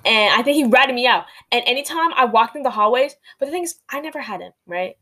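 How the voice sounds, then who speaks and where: A woman co-hosting a casual podcast, telling anecdotes in a rambling, animated way full of fillers. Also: on the high side, quick pace. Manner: rambling, animated storytelling with lots of "like". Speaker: podcast co-host.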